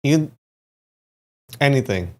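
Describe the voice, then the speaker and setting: A man's voice: medium pitch, animated, slow. A man hosting a casual livestream, chatting to his viewers while he types, with restarts and muttered asides. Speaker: livestream host.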